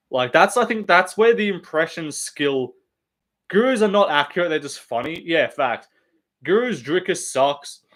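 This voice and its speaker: An Australian man hosts a casual live stream, rambling with heavy swearing and blunt takes. His voice sits somewhat high for a man.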